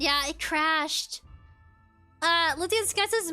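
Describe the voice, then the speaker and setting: A woman's voice: extremely high pitch, measured pace, bright, forceful tone, soft background music. A young adult woman streaming a game, chatting casually with her chat, reading comments aloud and giggling often.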